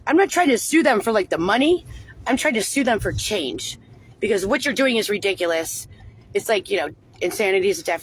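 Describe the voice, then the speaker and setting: A woman's voice: mid-range voice, husky. A woman talking unscripted on a livestream, rambling and agitated, with frequent swearing. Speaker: livestream host.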